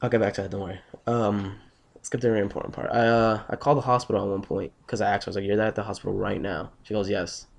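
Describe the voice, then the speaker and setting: A young man tells a story straight to his viewers, tired from just waking up. His voice sits low with a gravelly rasp. He rambles, restarts and swears freely. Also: fairly even intonation, rapid-fire. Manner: rambling, profane, blunt. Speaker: vlogger. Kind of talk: casual storytelling vlog.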